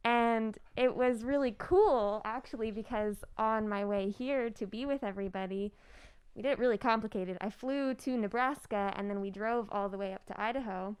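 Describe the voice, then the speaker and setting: Enthusiastic woman, bright clear voice. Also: on the high side, moderate pace. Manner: enthusiastic, rambling. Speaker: cast member. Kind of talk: casual chat.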